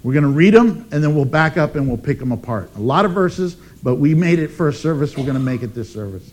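A man preaching a sermon as pastor, emphatic and animated, with dramatic pauses. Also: fairly high pitch, slight background noise.

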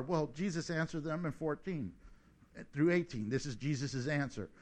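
Middle-aged guy preaching, high voice that swoops all over, jokey, does little voices. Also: normal speed. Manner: animated, joking, acts out voices. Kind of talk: sermon.

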